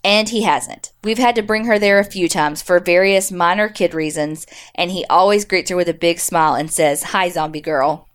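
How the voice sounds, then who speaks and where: A woman's voice: on the low side, normal speed, hardly any pauses, clear, resonant tone. A woman co-hosting a podcast, reading listener stories aloud and chatting in a blunt, wry way. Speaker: podcast co-host.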